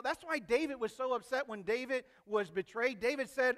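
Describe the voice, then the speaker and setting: A man preaching a sermon in an animated, conversational way, acting out quoted voices. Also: extremely high pitch, moderate pace, hardly any pauses. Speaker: pastor.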